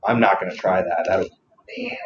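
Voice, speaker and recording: A man's voice: deep voice, fairly quick, a little hiss or hum. A man hosting a live stream, rambling and joking at his own expense while he talks to his chat. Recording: roomy, slightly dull recording.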